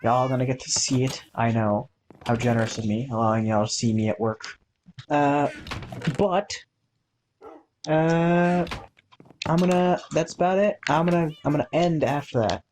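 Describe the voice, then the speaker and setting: A man's voice: mid-range voice, normal speed, pauses often, a little mellow, slight background noise. A young man talking casually over his own gameplay footage, rambling and self-deprecating with lots of filler words and restarts. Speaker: gaming channel host.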